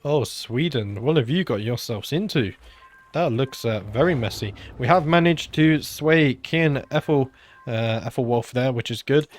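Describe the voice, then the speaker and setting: A British man of ordinary, mid-range pitch talks through his strategy game in an easygoing, musing way. He fills his pauses with soft "uh" sounds. He is a little under the weather and now and then clears his throat. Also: faint music behind. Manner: relaxed, musing, frequent "uh" fillers. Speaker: gaming channel host. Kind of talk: casual let's-play commentary.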